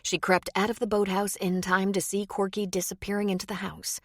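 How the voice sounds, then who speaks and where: A woman narrating a romance audiobook in measured scripted storytelling. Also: medium pitch, flat delivery, no echo, clean studio sound.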